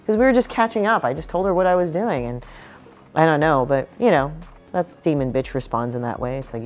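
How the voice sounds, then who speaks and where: A woman comic artist chats casually about her book, blunt and profane, often acting out quotes from people in her stories in other voices. Her deep, darkish voice has lively intonation at a normal speed, with faint music behind.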